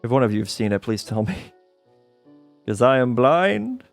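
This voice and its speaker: A man's voice: medium pitch, very animated, measured pace, gravelly, faint music behind. A man streaming a modded building game, chatting casually and thinking aloud as he plays, often laughing at his own mistakes. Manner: self-mocking, thinking aloud, laughs at himself. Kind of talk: casual gameplay commentary.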